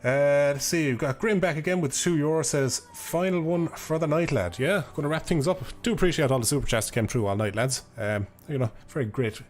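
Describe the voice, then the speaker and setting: A man's voice: medium pitch, brisk, hardly any pauses, soft background music. A young Irish man chatting casually on a live stream, rambling, laughing and swearing offhandedly into a desk microphone.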